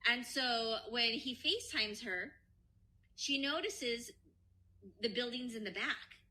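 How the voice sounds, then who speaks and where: A woman co-hosting a podcast, casually retelling a story with animated quoted voices and lots of swearing. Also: fairly high pitch, slow pace. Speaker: podcast co-host.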